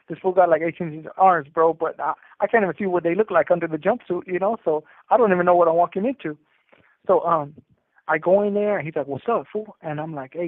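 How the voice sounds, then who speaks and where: A man tells a story in loose street slang, stumbling through restarts and fillers. His voice sits a bit high. It comes through a dry, tinny prison phone line. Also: dry recording. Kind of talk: casual storytelling over a phone call.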